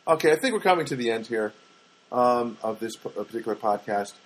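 An older man talks through a casual solo podcast in a husky voice. He tells everyday anecdotes in a rambling way and often stops to correct himself. He adds wry asides as he goes. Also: medium pitch, lively intonation, a little fast. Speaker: podcast host.

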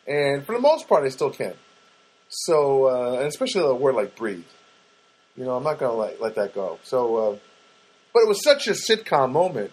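A man hosts a podcast in a sing-song, slightly rough, mid-range voice with a darkish tone, moving at a moderate pace on a rough recording. Chatty and speaking directly to listeners, he spins a rambling casual story with many fillers and restarts.

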